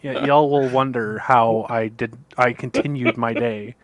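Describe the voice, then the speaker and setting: A man co-hosting a casual podcast, excitable and profane, who keeps saying "oh my God". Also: mid-range voice, unhurried, dry recording. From Canada. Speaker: podcast co-host. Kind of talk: casual chat.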